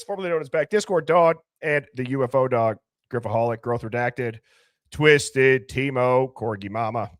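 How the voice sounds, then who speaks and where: Speaking at a medium pitch, this man hosts a live call-in stream, firing off quick, playful shout-outs to viewers by name. The talk is casual and chatty, captured in a dry recording with a clean studio sound.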